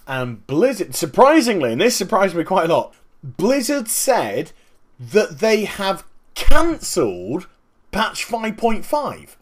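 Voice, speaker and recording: A man hosting a casual gaming commentary vlog, talking in an animated, emphatic way and explaining things step by step. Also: high voice. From Northern Hemisphere. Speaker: gaming video host.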